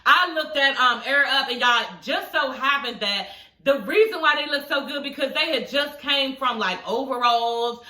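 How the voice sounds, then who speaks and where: Woman, young adult, casual episode recap, chatty and swearing, high bright voice, roomy echo. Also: moderate pace, distant mic. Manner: animated, swears freely, addresses viewers as y'all. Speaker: TV episode reviewer.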